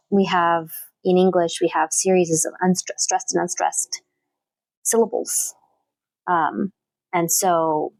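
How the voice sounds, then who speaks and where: A woman's voice: medium pitch, a little mellow, no echo. A woman who teaches literature, chatting thoughtfully in an interview with plenty of fillers and restarts. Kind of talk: casual interview talk.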